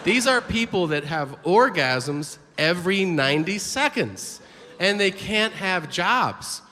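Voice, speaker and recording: Animated male stand-up comedian. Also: slow. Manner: animated storytelling, acts out characters with sudden high-pitched outbursts. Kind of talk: stand-up routine. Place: large comedy venue with audience. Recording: live stage recording in a reverberant hall with ambient noise.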